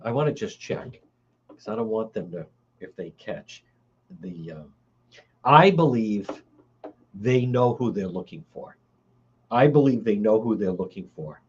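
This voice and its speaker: Indignant man, lively pitch. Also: lo-fi sound, a little hiss or hum. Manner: indignant, heated, repeats his points. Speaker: talk show host. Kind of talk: political commentary livestream.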